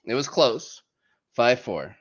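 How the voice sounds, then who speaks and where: A mid-range male voice takes its time as this man hosts a casual football podcast, joking around and listing the week's fixtures with lively energy. The audio is muffled and lo-fi.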